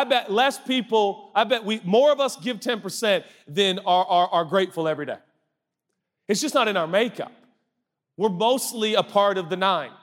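Brief: male pastor preaching, lively swooping delivery, high voice. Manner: animated, joking, rhetorical questions. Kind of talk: sermon.

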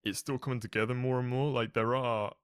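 A man's voice: medium pitch, flat delivery, fairly quick, clear, resonant tone, dry recording. A man co-hosting a casual music podcast, speaking enthusiastically, swearing freely and leaning on filler words. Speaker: podcast co-host. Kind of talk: casual chat.

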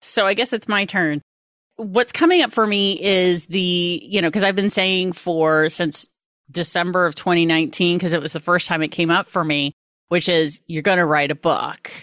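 A woman's voice: lowish voice, normal speed, a bit bright, no echo, clean studio sound. A woman co-hosting a casual chat, talking earnestly about herself with upbeat asides. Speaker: podcast co-host.

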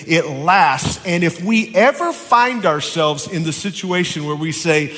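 A man preaching a sermon as pastor, mixing playful teasing asides with slow, emphatic repetition of key lines. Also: on the high side, animated, a bit bright, soft background music. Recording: long hall reverb.

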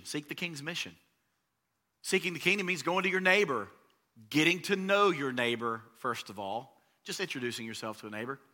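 A man preaching a sermon as pastor, talking in a conversational way and swelling louder on key phrases. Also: a little high.

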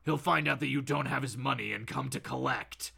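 A man putting on a low, slow, threatening voice for a grim male vigilante. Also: creaky, sharp tone, husky, exaggerated voice. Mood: menacing.

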